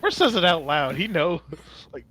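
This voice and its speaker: Bright, forceful man playing a game. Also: fairly high pitch, very animated, a little slow, dry recording. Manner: loud, joking narration of his character. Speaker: player. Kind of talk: tabletop role-play.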